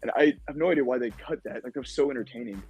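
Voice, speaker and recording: A young man, a podcast guest, casually recounting a game-show experience in an animated way, with lots of fillers. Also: medium pitch, rapid-fire, breathy edge, no echo, poor audio. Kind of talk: casual storytelling.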